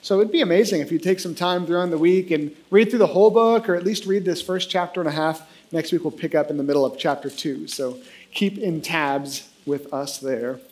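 Guy pastor with a high voice, jokey animated storytelling sermon. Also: brisk. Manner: animated, self-deprecating storyteller.

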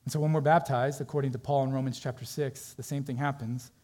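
A man's voice: mid-range voice, steady tone, fast talker, darkish tone. Earnest male pastor preaching emphatically. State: emotional, tearful at times. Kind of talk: sermon.

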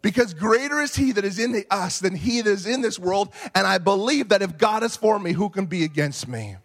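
A man preaching a sermon, animated, swinging from quiet reflection to shouting. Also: high voice, fairly quick. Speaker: pastor.

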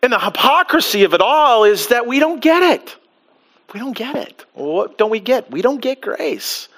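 Animated, bright-voiced male preacher. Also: very high-pitched, normal speed. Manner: animated preaching with rhetorical questions and acted-out quotes. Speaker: pastor. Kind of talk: sermon.

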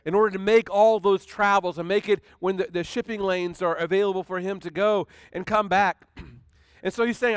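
High-voiced pastor preaching conversationally. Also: male voice, fairly even intonation, normal speed, smooth, no echo. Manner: conversational preaching with frequent restarts and dramatic recitation. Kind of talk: sermon.

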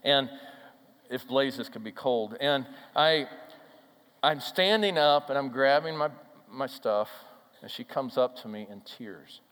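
A male pastor preaching a sermon and telling a story, swinging from loud declarations down to soft, hushed lines. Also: medium pitch, slow, clear, resonant tone. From Minnesota, USA. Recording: hall reverb.

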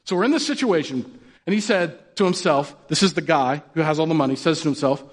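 A man's voice: a little high, fairly quick. Casual joking male preacher. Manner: casual and joking, asks the audience questions. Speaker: pastor. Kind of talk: conversational sermon.

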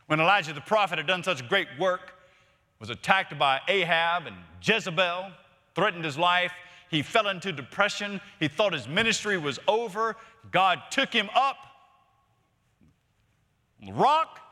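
Bright-voiced man preaching in a hall. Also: sits high, animated, normal speed. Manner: emphatic preaching, swings from loud to hushed, repeats words. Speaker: pastor. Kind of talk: sermon. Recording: long reverb of a large hall.

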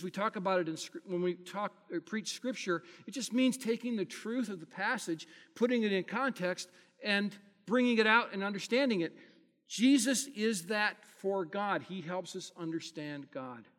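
Speaking at a normal speed, a pastor preaches a sermon in an earnest, high-pitched voice, swelling loud on key phrases and dropping quiet between them. A long hall reverb colors the sound.

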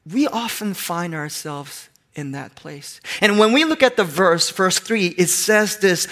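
High-voiced playful male pastor preaching. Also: animated, measured pace, few pauses, fairly bright tone. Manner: playful, acts out voices in anecdotes. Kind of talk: sermon with humorous storytelling.

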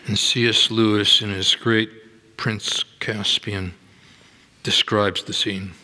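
A man preaching a sermon in a church, slow and deliberate, giving dramatic readings of scripture. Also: on the low side, flat delivery, pushed and bright. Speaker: pastor. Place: church sanctuary. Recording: long hall reverb.

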